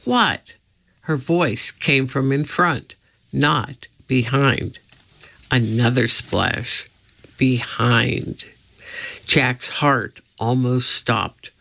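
Slow children's audiobook narrator, measured, bright tone with a gravelly edge; dull lo-fi recording. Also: mid-range voice. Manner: measured, deliberate reading. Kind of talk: scripted storybook narration.

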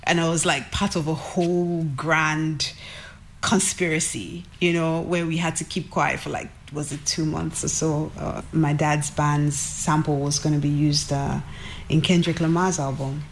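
Chatty, animated woman telling a story. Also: deep voice, measured pace, a little hiss or hum. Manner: animated, chatty, many fillers and quoted asides. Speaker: interviewee, record executive. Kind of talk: casual storytelling in an interview.

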